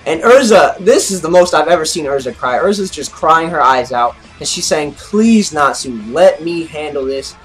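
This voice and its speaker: Man anime review host, fairly high voice, excitable recap full of "like"s, faint music underneath. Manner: excitable, heavy use of "like"; gestures with his arms while talking. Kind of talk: casual episode recap.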